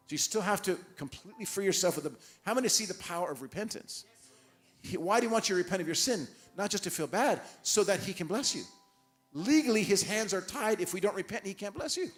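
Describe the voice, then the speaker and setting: A man preaching a sermon in a church, telling stories and acting out the dialogue with animated restarts. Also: a little high, fast talker, faint music behind. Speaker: guest preacher. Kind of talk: sermon with storytelling. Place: church hall.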